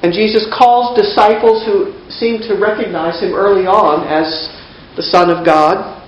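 A woman's voice: mid-range voice, steady tone, unhurried, slight background noise. A woman preacher giving a casual, conversational sermon in a wry tone, often restarting her phrases. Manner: casual, wry, repeats herself. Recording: dull, roomy church recording.

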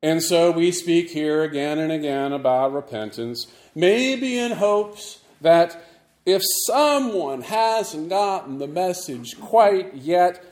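A man preaching a Sunday sermon as the church's pastor, measured and deliberate with touches of dry humor. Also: on the high side, lively intonation, a little mellow, roomy sound.

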